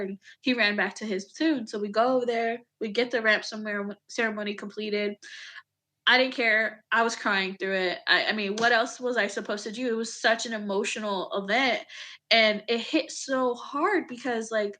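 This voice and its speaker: A woman in her thirties, an Army veteran, telling a personal story in an emotional, animated way, with casual swearing and acted-out quotes. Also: medium pitch, a little fast. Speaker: podcast guest, Army veteran.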